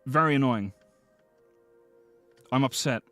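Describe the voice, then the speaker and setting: A man streaming live, chatting casually with viewers, excitable and swearing often as he thanks them. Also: medium pitch, takes it slowly, faint music behind. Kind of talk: casual livestream chat.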